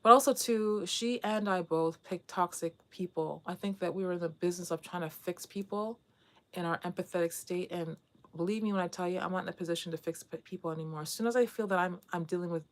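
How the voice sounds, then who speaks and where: A middle-aged woman chats casually to camera in a somewhat low voice. She talks candidly and rambles, often restarting her sentences as she works through her thoughts. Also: fast. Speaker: vlogger.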